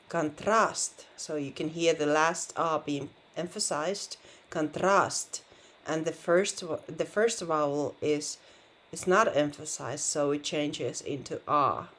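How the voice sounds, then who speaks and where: A woman with a Finnish accent, patiently explaining pronunciation in a language lesson and repeating words to model them. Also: low voice. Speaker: language teacher.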